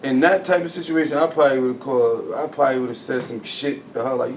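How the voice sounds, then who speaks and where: A man co-hosting a podcast in casual chat, blunt and full of slang, getting loud and animated when he is worked up. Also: mid-range voice, brisk, few pauses. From New Jersey. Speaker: podcast co-host. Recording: echoey room with faint ambient noise.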